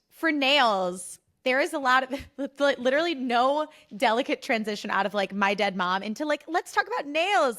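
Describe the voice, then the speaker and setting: A woman's voice: mid-range voice, fairly bright tone. A young woman hosting a solo podcast, talking candidly in a chatty, confessional way with lots of "like" and quoted back-and-forth. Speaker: podcast host.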